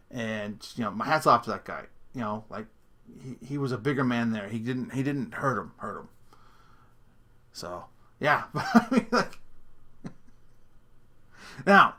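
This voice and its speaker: A man's voice: mid-range voice, fairly bright tone. A man hosting his own podcast, talking through a casual solo rant with many laughs and restarts. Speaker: podcast host.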